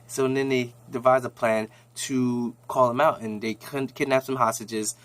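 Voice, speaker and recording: A man's voice: mid-range voice, steady tone, a little slow, fairly bright tone. A man casually recapping a TV episode in a rambling, slangy way with lots of restarts.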